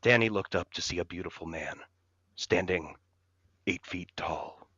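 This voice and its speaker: A man's voice: sits low, unhurried, sharp tone, dry recording. A man co-hosting a podcast, reading a comedic story aloud in a mock-serious storytelling manner. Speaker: podcast co-host. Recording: dull lo-fi mic.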